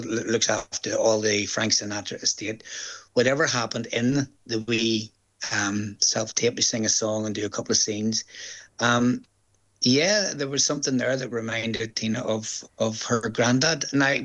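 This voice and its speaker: An older man with a Northern Irish accent, a stage actor chatting in an interview, telling stories and acting out the voices of the people he quotes. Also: fairly low pitch. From Northern Ireland. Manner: chatty storyteller, quotes others in lively voices. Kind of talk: casual interview chat.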